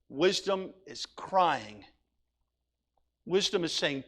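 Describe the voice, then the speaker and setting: A man's voice: high voice, animated, moderate pace, a bit bright. A male pastor preaching a sermon, reading scripture aloud and then urging his listeners with rising intensity.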